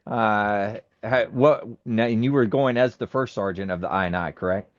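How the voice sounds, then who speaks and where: A man's voice: on the low side, moderate pace, dry recording, highs cut off. A man hosting an interview, asking questions and reacting with short, easygoing affirmations. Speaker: interviewer host.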